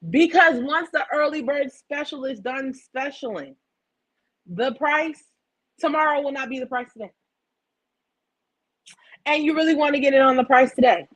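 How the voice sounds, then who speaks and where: A woman hosting a weekly affirmation stream, talking in a lively, playful, preacherly way as she closes with announcements and blessings. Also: high-pitched, moderate pace, long pauses, rough recording. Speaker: host of a weekly affirmation livestream. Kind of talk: casual spiritual talk.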